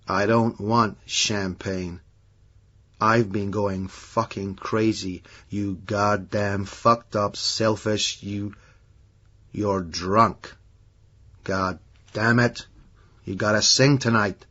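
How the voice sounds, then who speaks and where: A man voicing a drunk, domineering American man who shouts and swears with disdain, with an American accent. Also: lowish voice, fairly even intonation, drawn-out words, full character voice. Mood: outraged. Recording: dull lo-fi audiobook recording.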